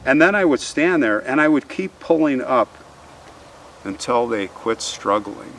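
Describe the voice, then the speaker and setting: A man quoting a smug male killer who confesses in a flat, matter-of-fact way, in his own slightly raised voice. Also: medium pitch, a little slow, recorded from a distance. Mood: proud.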